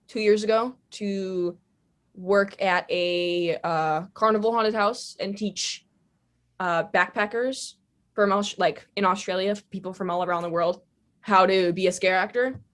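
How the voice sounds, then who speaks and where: A young adult woman tells stories on a podcast. She rambles casually and fills her sentences with "like" and "uh". Her voice sits at an ordinary middle pitch. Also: a bit bright. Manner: chatty, rambling, many fillers. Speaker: podcast guest. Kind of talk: casual storytelling.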